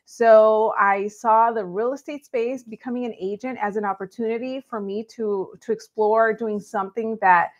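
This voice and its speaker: Chatty woman guest, bright and upbeat, slightly high. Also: fairly even intonation, moderate pace, hardly any pauses, highs cut off. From Los Angeles, California. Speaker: guest, real estate agent. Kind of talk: casual interview.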